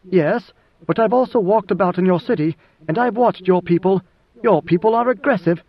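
Man voicing a defiant swordsman, blunt, challenging, slightly raised pitch, dull lo-fi audiobook. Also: moderate pace. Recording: dull lo-fi recording.

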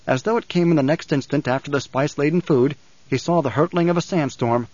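A man narrating a novel in a measured, even storytelling manner. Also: a little high, dry recording, muffled recording. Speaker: audiobook narrator. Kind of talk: scripted narration.

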